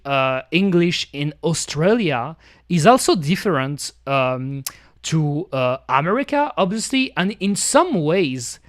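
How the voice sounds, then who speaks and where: A man streaming and chatting casually as he reacts to a video, rambling with many fillers, restarts and small grammar slips. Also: on the high side. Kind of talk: casual chat.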